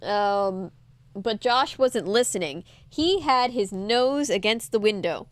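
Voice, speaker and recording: A woman's voice: a little high, animated, slow, no echo. A woman host reading a children's mystery aloud in a casual, chatty way, breaking off for jokes and playful voices. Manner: chatty, laughs often, yawning, playful character voices. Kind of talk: casual read-aloud with joking asides.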